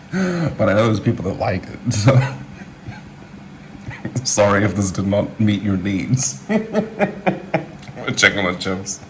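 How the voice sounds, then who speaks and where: Very low-voiced man in rambling cooking chat. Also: big pitch swings, takes it slowly, pauses often, background noise. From New Zealand. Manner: rambling, chatty, full of asides and filler words. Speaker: home cook vlogger.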